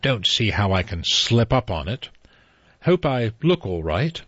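A man doing a gruff muttering detective. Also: fairly low pitch, very animated, measured pace, a bit bright, no room sound, exaggerated voice. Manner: muttering to himself, clipped plain talk. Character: middle-aged male private detective, wary, practical. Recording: dull dry audiobook recording.

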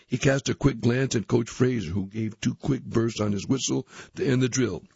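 A man reading a youth magazine aloud, articles and a story, in a plain, steady manner. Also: mid-range voice, normal speed, gravelly, breathy edge, no echo. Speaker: reader. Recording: dull, dry recording.

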